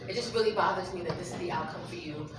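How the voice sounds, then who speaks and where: A woman voicing a tearful female head nurse in a hushed, low, gentle tone during a stand-up set. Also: racing, noisy background, natural voice. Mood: sorrowful. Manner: soft, low, hushed delivery. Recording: echoey club from far off, loud crowd.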